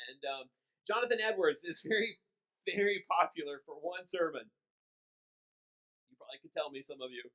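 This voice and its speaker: A man's voice: fairly high pitch, normal speed, pauses often, pushed and bright, poor audio. A man, a pastor, giving an informal, joking sermon in church, often restarting his sentences. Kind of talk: conversational sermon.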